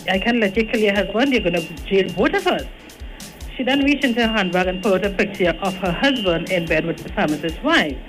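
A caller telling a joke on a morning radio show in a plain storytelling way. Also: mid-range voice. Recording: phone call on air with music.

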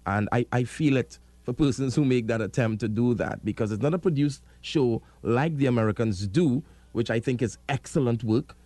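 A man's voice: medium pitch, moderate pace, hardly any pauses, warm tone, no room sound. A Trinidadian man in his thirties hosting an interview, earnest and hesitant, restarting his sentences often. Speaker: interview host. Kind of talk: casual interview.

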